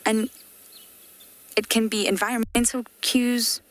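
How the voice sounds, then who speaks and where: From a game-drive vehicle outdoors, a female safari guide gives chatty, explanatory live commentary, sometimes dropping into hushed asides. Her voice is on the high side, level in tone, and a little slow.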